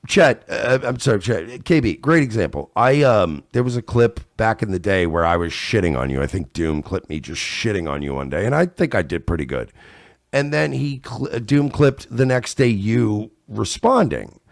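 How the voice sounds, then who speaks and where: A man chatting casually as a podcast guest, animated and fond of acting out other people. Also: fairly low pitch, normal speed, gravelly, no echo, studio quality. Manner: animated, acts out others in loud voices. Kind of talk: casual chat.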